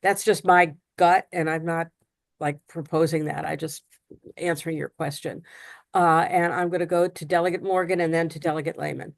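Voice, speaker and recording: A woman's voice: deep voice, fairly even intonation, moderate pace, vocal fry, no echo, studio quality. Hesitant woman chairing a committee. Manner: hesitant, plainspoken. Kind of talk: chairing a legislative work session.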